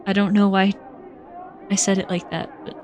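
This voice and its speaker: A woman streaming a game, reading its text aloud and reacting with loud jokey asides. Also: mid-range voice, little pitch movement, normal speed, crowd noise. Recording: faint game music behind.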